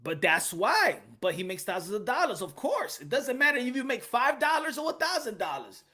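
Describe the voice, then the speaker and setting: A man hosting a boxing channel livestream, chatting casually in a slangy way, animated and repetitive, reading out his chat. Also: very high-pitched, moderate pace.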